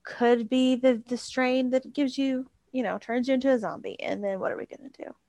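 A woman's voice: sits high, fairly quick, warm tone, dry recording. A woman co-hosting a casual chat, teasing her friend and laughing often. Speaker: podcast co-host.

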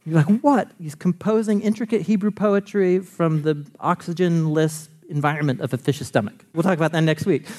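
A man preaching a sermon in a loose, conversational way, animated and laughing often. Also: fairly high pitch. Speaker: pastor.

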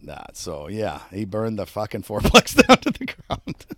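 A man co-hosting a casual podcast, telling stories in a lively, profane way and shouting out quoted lines. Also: fairly low pitch, unhurried. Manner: animated storyteller, swears a lot, acts out shouted quotes. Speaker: podcast co-host. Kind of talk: casual storytelling chat.

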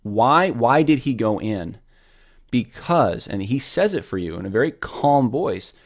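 A man hosting a casual commentary show, earnest and rambling with many restarts. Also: lowish voice.

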